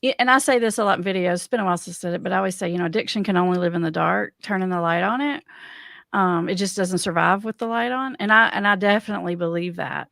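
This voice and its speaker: A woman's voice: fairly low pitch, quick pace, vocal fry, fairly bright tone, no echo, studio quality. A woman hosting a casual talk about addiction, thinking aloud and asking careful questions as a counselor. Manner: thoughtful, questioning, talks through ideas with restarts. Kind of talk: casual conversational discussion.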